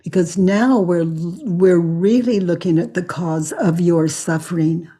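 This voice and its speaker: An older woman slowly and calmly guiding a client through self-inquiry with probing questions. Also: fairly low pitch, husky. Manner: slow, calm and questioning, acts out quoted lines. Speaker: facilitator of self-inquiry sessions.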